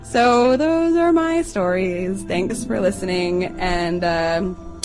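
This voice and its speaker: A young adult woman chattily telling a personal story to listeners, acting out the quotes in a higher voice. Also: slow, music in the background, poor audio.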